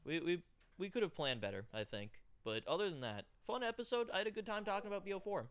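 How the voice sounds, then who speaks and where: A man's voice: high voice, sing-song, fast, a bit bright, clean tone. A young man co-hosting a podcast in casual chat, often repeating words and stammering as he talks. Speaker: podcast co-host.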